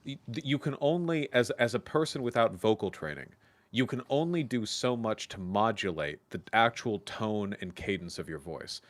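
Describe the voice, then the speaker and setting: A young man, a show guest, talking casually and rambling, often checking in with "okay?". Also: lowish voice. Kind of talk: casual debate chat.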